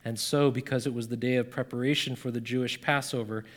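A man preaching a sermon in a conversational, animated way, rising and falling in volume as he reads scripture. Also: medium pitch, fast talker. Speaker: pastor.

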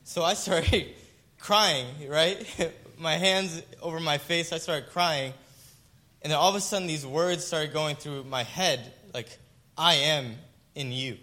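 A man's voice: fairly high pitch, slow pace, sharp tone. A man giving an emotional personal testimony, speaking earnestly and often checking in with the listener. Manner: emotional, earnest, tag questions.

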